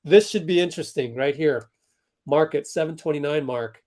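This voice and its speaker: During a basketball watch-along livestream, the host chats casually, reacts as plays unfold, and addresses his chat viewers. He speaks at a moderate pace in a voice on the high side with a darkish tone.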